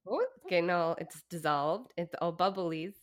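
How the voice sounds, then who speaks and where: A woman co-hosting a casual podcast chat, bubbly and quick to laugh, with short, eager replies. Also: fairly low pitch, lively intonation, dry recording, studio quality. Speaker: podcast co-host.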